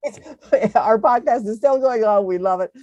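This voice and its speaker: A woman in her seventies speaks as a podcast guest, spinning stories in a chatty, easy way and laughing often. Her voice sits warm and mellow, recorded dry and close. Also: fairly high pitch, unhurried, no room sound, lo-fi sound. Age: 70s. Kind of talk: casual interview chat.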